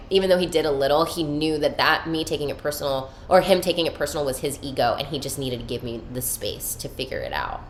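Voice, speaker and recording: Woman with a low voice, emotional candid monologue, lots of swearing and spiritual talk. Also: a little hiss or hum. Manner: raw, emotional, swears freely, spiritual self-help language. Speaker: podcast host.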